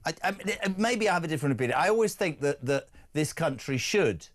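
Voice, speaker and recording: A man with a high voice runs a radio phone-in from the studio. He jokes with his callers and launches into firm, opinionated rants. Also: animated, brisk. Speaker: radio talk show host.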